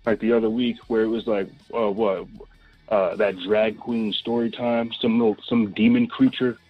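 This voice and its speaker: Male podcast guest, insistent and repetitive, husky timbre, faint music under dull audio. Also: lowish voice, flat delivery, normal speed, dry recording. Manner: emphatic, repeats points. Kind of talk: casual chat.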